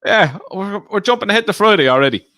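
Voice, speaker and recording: A man's voice: sits high, expressive, fast, sharp tone, dry recording, clean studio sound. A man co-hosting a podcast, chatting casually about betting and teasing his co-host. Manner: teasing, banters.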